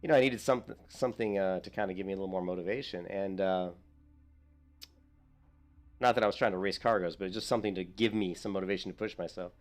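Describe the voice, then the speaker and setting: A man's voice: sits low, fast talker. A man streaming a video game, chatting casually to his viewers in a rambling, self-mocking way with frequent chuckles. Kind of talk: casual gameplay commentary.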